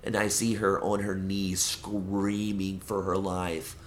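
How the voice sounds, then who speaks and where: Animated young man telling stories. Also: low voice, takes it slowly. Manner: animated storytelling, swearing, acting out voices. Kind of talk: casual chat.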